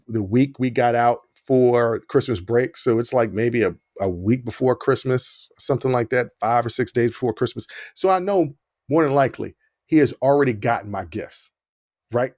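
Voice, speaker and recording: A man hosting a podcast, telling a personal story in a casual, animated way. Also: medium pitch, no room sound, studio quality. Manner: animated, acts out the quoted dialogue. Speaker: podcast host.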